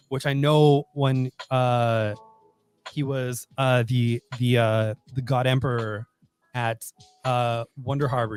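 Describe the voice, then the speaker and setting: Man, casual podcast co-host, rambling, filler words, laughs a lot, soft music underneath. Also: medium pitch. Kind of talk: casual chat about comics.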